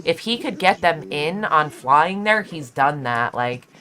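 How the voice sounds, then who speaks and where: A woman's voice: low-pitched, lively intonation, unhurried, pushed and bright, soft background music. A woman hosting a livestream and chatting casually, loose and profane, with plenty of "like" and "you know" and frequent laughter. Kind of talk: casual chat.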